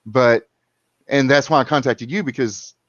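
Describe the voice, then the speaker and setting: A man's voice: medium pitch, moderate pace, dry recording. A man, calling in and telling a long story in casual chat, rambling with restarts and repeats. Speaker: caller. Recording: muffled lo-fi sound.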